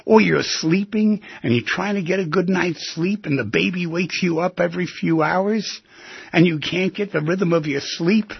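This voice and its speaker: A man's voice: sits high, normal speed, creaky, breathy edge, dry recording, dull audio. A man hosting a talk show, musing aloud and asking the listener rhetorical questions. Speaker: radio show host. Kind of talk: reflective talk show monologue.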